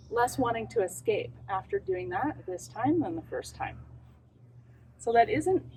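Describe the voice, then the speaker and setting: A woman dog trainer demonstrating outdoors, explaining calmly and then gushing high-pitched praise at a dog. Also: poor audio. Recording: outdoor noise and birdsong.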